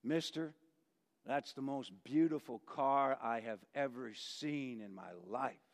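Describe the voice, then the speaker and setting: A man preaching a sermon voices a poor, earnest little boy in his story, speaking softly, in a large reverberant hall. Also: medium pitch, slow pace, voice pushed down, natural voice. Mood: earnest, hushed.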